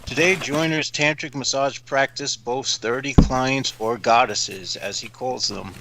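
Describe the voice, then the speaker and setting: A man's voice: medium pitch, unhurried, gravelly, noisy background. A man cohosting a livestream, reading an article aloud and breaking off with blunt, profane commentary. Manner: blunt, swears freely, scoffing.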